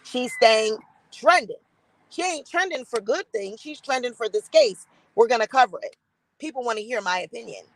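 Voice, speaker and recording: A woman's voice: a little high, lively intonation, moderate pace, no echo, rough recording. A woman hosting a live-stream gossip commentary, blunt and defiant, swearing freely and greeting chat viewers by name.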